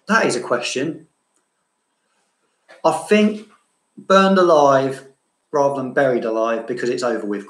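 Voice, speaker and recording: A man from southeast London with a London accent softened by Cambridge, chatting casually and self-mockingly to viewers as he answers their questions, laughing often. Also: mid-range voice, echoey room, low-quality recording. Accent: London with a bit of Cambridge. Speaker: fragrance vlogger.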